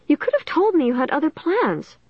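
A woman's voice: sits high, very animated, a little fast, dry recording, muffled recording, voice pushed up. A woman voicing a hurt, accusing teenage girl who speaks shrilly and bitterly.

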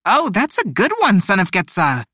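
A man voicing an excitable, clumsy male bird in a storybook reading, snappish and squawking. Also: high-pitched, normal speed, dry recording, studio quality, pitched above the performer's own voice, full character voice. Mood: amused.

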